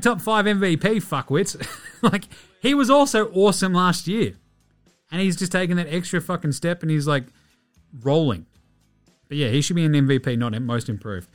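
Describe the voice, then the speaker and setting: Brash Australian man ranting, fairly high voice. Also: moderate pace, faint music behind. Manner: profane, blunt ranting. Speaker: podcast host. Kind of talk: casual sports talk.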